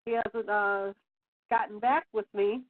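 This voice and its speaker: A woman's voice: mid-range voice, fairly even intonation, slow pace. A middle-aged woman hosting an internet radio show, ranting emphatically and rambling with many fillers and restarts. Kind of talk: solo rant on internet radio. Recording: tinny phone-line sound.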